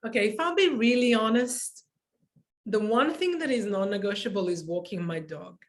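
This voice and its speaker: A woman's voice: mid-range voice, expressive, moderate pace. Brief: woman guest in a casual interview, heartfelt storyteller who laughs easily, mid-range voice. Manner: emotional, laughs while telling stories.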